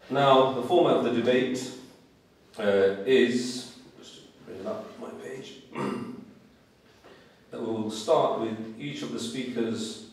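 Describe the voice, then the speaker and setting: Hoarse man chairing a debate. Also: on the low side, darkish tone, a little hiss or hum. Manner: measured, formal, reads from notes. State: hoarse, under the weather. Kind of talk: formal introductions at a public debate. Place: large lecture hall. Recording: echoey hall, voice from far off.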